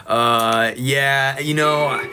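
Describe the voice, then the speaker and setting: A man's voice: mid-range voice, steady tone, extremely slow, pushed and bright, soft background music, full character voice. A man playing a laid-back young male surfer bro, drawling with a Californian accent and filling every line with "bro" and "dude.". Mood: chill.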